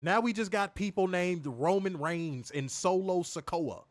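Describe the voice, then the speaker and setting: A man's voice: high-pitched, measured pace, no room sound. A man hosting a live wrestling review stream, talking casually and profanely, repeating himself and reading viewer comments aloud. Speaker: wrestling show reviewer on a livestream.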